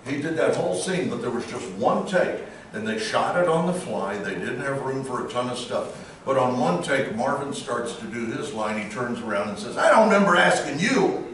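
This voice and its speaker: A man on a convention panel telling animated stories, breaking into celebrity impressions. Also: mid-range voice, moderate pace, few pauses. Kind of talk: casual storytelling. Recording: echoey hall from far off.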